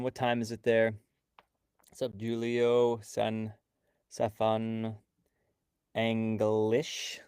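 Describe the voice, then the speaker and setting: An upbeat man hosts a live stream, greeting viewers and explaining things in a loose, chatty way. His voice is smooth and clear at an ordinary middle pitch. The sound is dry and close to the mic. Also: dark tone, no echo. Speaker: livestream host and coding instructor.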